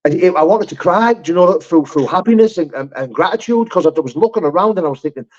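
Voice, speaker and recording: Fast-talking, rambling man on a lo-fi live stream. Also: high-pitched, lively intonation. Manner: rambling, heartfelt and sweary, many restarts. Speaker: host of a live chat. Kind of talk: casual live-stream chat.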